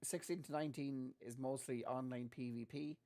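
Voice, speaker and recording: Gravelly man chatting. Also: medium pitch, normal speed. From Ireland. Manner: chatty, animated storytelling with laughs. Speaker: podcast co-host. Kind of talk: casual chat.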